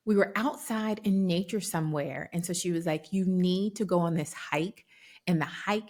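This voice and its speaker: A woman in her thirties co-hosting a casual chat podcast, telling stories with lots of animation and acting out what others said. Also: fairly low pitch. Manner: animated storyteller, acts out quoted dialogue. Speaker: podcast co-host.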